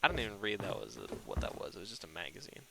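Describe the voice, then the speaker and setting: A man's voice: sits low, wildly swooping pitch, racing, creaky, very noisy. A young man giving casual, jokey commentary on his own gameplay, talking to himself with sudden exasperated outbursts. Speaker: gaming YouTuber.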